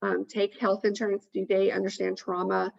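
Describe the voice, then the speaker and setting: A woman's voice: medium pitch, monotone, moderate pace, vocal fry, darkish tone, lo-fi sound. A woman presenting on a webinar, talking through a list of points in an earnest way with frequent ums. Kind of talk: informational webinar talk. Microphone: video call.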